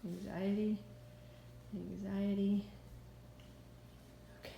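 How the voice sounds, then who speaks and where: A woman's voice: mid-range voice, level tone, takes it slowly, gravelly, mellow, a little hiss or hum. A young mother filming a casual home video, talking in a panicky, nervous way with swearing and jittery laughter. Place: inside a house.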